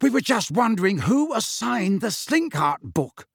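Storybook prankster teen boy, teasing, lifted pitch, lively; a male narrator voices him. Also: moderate pace, dry recording, studio quality. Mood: conversational. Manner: teasing, mock-serious. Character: teenage wizard boy, cheeky prankster twin.

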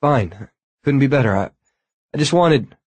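A man voicing a heartbroken young man who talks hoarsely and haltingly. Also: mid-range voice, expressive, a little mellow, no room sound, voice pushed up. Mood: strained sad.

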